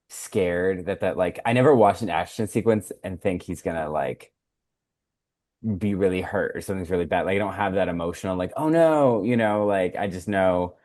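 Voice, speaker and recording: A man's voice: sits low, darkish tone, dry recording, clean studio sound. A man co-hosting a podcast, recapping a film in casual chat with lots of fillers and acted-out quotes. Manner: rambling recap with many fillers. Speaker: podcast co-host.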